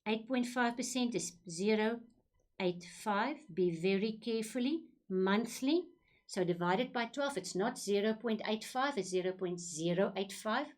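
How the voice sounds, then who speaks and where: A middle-aged woman teaching a maths lesson. She talks patiently at a middle pitch and goes back over each step slowly so nobody gets lost. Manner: patient, repeats key points slowly. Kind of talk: recorded classroom lesson.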